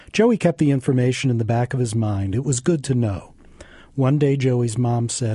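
A man, a writer, reading his own short story aloud in a dry, deadpan way. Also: mid-range voice, normal speed, dry recording.

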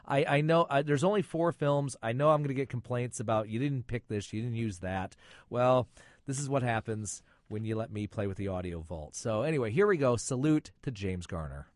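A man's voice: medium pitch, fairly quick, no echo, clean studio sound. A man reviewing films and chatting on the radio, with chatty joking asides. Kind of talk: casual radio chat.

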